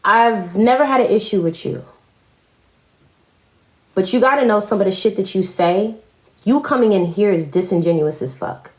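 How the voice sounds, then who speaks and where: A woman's voice: mid-range voice, moderate pace, pauses often. A woman on a live stream, confrontationally ranting at other commentators with heavy profanity and repetition. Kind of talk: heated live-stream rant. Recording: echoey room.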